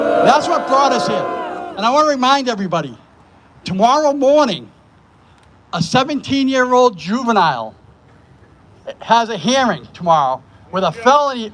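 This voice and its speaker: A man's voice: sits high, fairly bright tone. Earnest man opening a protest rally. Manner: earnest, passionate. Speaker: protest organizer. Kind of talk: outdoor rally speech. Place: outdoors at a street protest.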